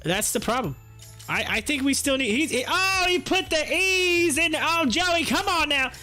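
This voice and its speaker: A man's voice: very high-pitched, expressive, normal speed, sharp tone, soft background music. A man doing casual live-stream commentary on stocks, joking and laughing often and slipping into mocking voices.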